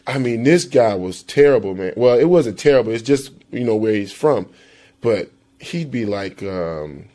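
Florida guy reading then joking around, animated, does voices, average pitch. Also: normal speed. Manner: animated, laughs, does impressions. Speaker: dialect recording subject. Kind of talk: read passage then casual storytelling.

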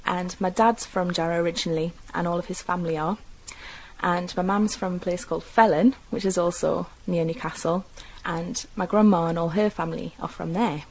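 A young woman with a mild Geordie accent from North East England recalls her upbringing and the way she speaks, full of fillers and self-corrections. Her voice is lowish and steady at a normal speed. The recording is low quality, with slight background noise.

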